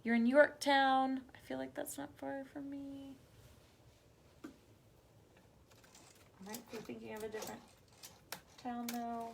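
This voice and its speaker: A woman's voice: high voice, steady tone, a little slow, gravelly, long pauses, noisy background. A woman hosting a live craft demo from home, chatting to viewers as she works. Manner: chatty, talks to viewers as y'all. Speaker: craft livestream host.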